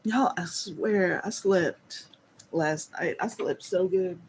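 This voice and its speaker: Slow, drowsy woman chatting. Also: fairly low pitch, a little hiss or hum. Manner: chatty, yawning, addresses viewers as y'all. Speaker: livestream host. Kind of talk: casual livestream chat. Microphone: phone on a holder.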